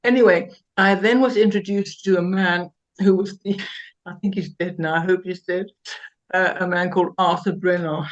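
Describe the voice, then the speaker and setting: An older woman from South Africa, a guest telling lively, self-mocking stories with laughs and many restarts. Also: fairly low pitch, moderate pace, dull audio. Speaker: interview guest. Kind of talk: anecdotal storytelling interview.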